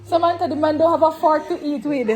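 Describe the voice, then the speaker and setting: A woman's voice: high-pitched, a little fast, darkish tone. A woman vlogging casually at home, playful and teasing, laughing often. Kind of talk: casual home vlog chat. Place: home during a snowstorm.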